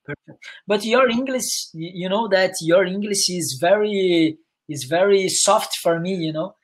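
Brazilian man, Portuguese native, English learner on a video call; halting, searching for words. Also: high-pitched. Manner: halting, hesitant non-native English with many restarts and "you know?". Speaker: English student. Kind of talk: online English lesson conversation.

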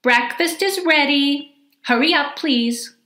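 A woman's voice: a little high, very animated, fairly bright tone, roomy sound, exaggerated voice. A woman doing an impatient hurrying mom. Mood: hurried. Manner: brisk, scolding. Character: busy, impatient mother hurrying her child.

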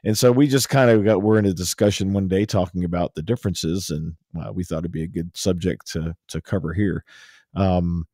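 A man's voice: sits low, steady tone, a little fast, darkish tone, no room sound, clean studio sound. A man from the United States hosting a podcast in laid-back, casual chat, with plenty of fillers. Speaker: podcast host.

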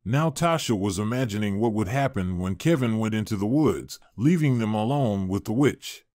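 A man narrating a fairy-tale story in a measured, expressive way. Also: mid-range voice, no room sound, clean studio sound.

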